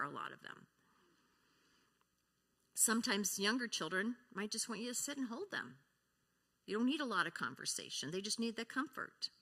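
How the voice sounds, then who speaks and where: A woman's voice: medium pitch, bright, forceful tone, big-room sound. An older woman speaking at a church service, teaching in an earnest way and acting out short sample conversations. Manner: earnest, acts out sample dialogue. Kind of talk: sermon teaching.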